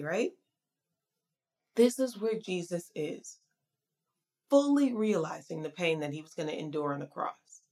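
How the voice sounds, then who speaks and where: A woman preaching a sermon in a conversational, emphatic way. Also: mid-range voice.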